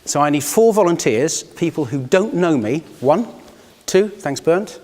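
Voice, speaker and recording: Male facilitator, fairly high voice, reflective and inviting, recorded in an echoey conference room. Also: expressive, measured pace, a little mellow. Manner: reflective, inviting, personal storytelling. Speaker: workshop facilitator. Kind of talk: live workshop talk to a group. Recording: long hall reverb.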